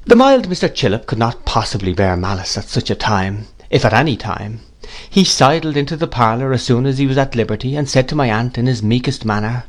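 A man reading a classic novel aloud in a measured, deliberate narration. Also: medium pitch, animated. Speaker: audiobook reader.

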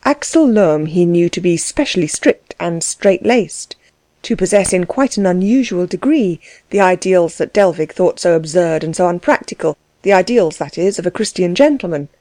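Woman with a low, mellow reading voice. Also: animated, moderate pace, dry recording. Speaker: audiobook narrator. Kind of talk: scripted narration.

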